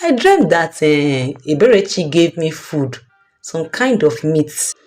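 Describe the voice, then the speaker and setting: A woman's voice: deep voice, sing-song, takes it slowly, heavily acted. A woman voicing a cheerful, trusting young woman who adores her best friend. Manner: bright, gushing and trusting.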